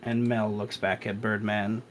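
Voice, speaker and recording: Slow-talking man running a tabletop game. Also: on the low side, level tone, low-quality recording. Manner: loose, halting narration with many fillers. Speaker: game master.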